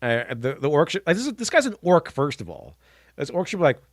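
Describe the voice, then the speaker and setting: A man's voice: on the high side, big pitch swings, fast talker, over loud music. A man giving casual live-stream reaction commentary, blunt and mocking, scoffing at what he watches and restarting sentences as he goes.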